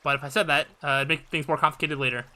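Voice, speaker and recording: A man's voice: a little high, steady tone, racing, sharp tone. A man hosting a let's play, reading the story aloud in a casual, hesitant way. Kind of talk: reading a visual novel aloud.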